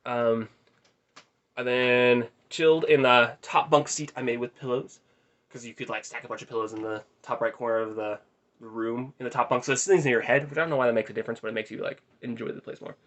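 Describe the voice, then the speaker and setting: A man's voice: medium pitch, fairly even intonation, fairly quick, fairly bright tone. A young man telling a rambling, self-deprecating story in a casual vlog, recorded in his bedroom. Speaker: vlogger.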